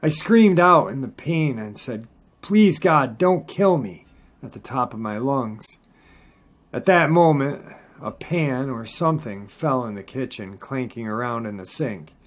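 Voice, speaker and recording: A man reads a spooky first-person encounter story aloud. His voice sits at an ordinary middle pitch, and his delivery is steady and earnest. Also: a little slow. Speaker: channel host reading encounter stories.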